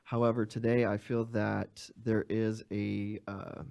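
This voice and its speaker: Hesitant low-voiced father at a hearing. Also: little pitch movement, a little slow, gravelly, a little mellow. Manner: hesitant, many fillers. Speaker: public commenter, father.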